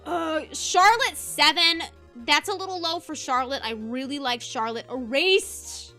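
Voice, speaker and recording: A woman's voice: high-pitched, unhurried, bright, forceful tone, faint music behind. A young woman streaming as a VTuber, ranting passionately in casual commentary and laughing easily.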